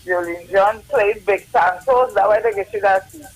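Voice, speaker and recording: A woman's voice: mid-range voice, normal speed, husky, poor audio. A woman with a Trinidadian accent giving a fiery, preachy political rant as a guest on a live stream, mocking her targets.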